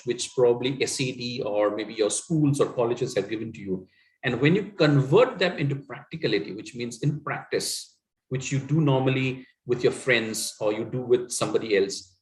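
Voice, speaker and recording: A man's voice: mid-range voice, echoey room, poor audio. A middle-aged man from Assam, India, who speaks English with an Indian accent and whose first language is Assamese. As a communication coach, he gives a motivational talk in an earnest way, with many fillers and tag questions.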